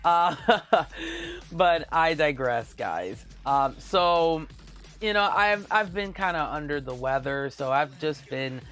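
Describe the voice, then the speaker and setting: A man hosting his own live-stream show, chatting casually with a husky, raspy voice that is hoarse from a flu, rambling with many fillers and frequent laughs. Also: on the high side, animated, slow, fairly bright tone, faint music behind. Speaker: VTuber show host.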